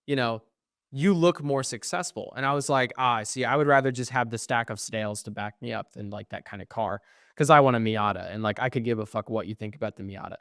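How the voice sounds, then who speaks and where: A man's voice: mid-range voice, fast, a bit bright, no echo, clean studio sound. A young man co-hosting a podcast, telling stories in casual chat, quoting others and swearing often. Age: young adult. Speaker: podcast co-host.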